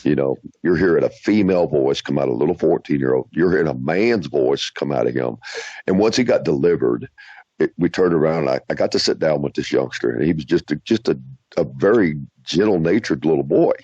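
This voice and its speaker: A male radio show host telling stories in a casual interview, animated, with halting restarts and acted-out quotes. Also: rumbling low, husky, no room sound. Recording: dull lo-fi radio audio.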